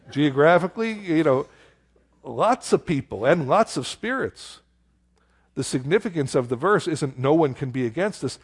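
Male preacher, slightly high voice, lively, teaching-style sermon with rhetorical questions. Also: slightly rough. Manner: animated and conversational, rhetorical questions, exclaims "how stupid". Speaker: pastor. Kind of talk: expository sermon.

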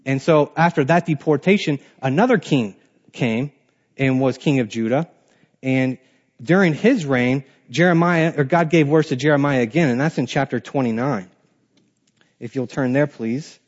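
A man leads a Bible class in a relaxed, conversational way. He reads verses aloud and then breaks them down in everyday words. His voice sits at an ordinary pitch, and the recording sounds a little dull and lo-fi. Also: moderate pace. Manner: reads scripture aloud then explains it plainly, with restarts. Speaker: Bible teacher. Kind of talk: casual Bible class teaching.

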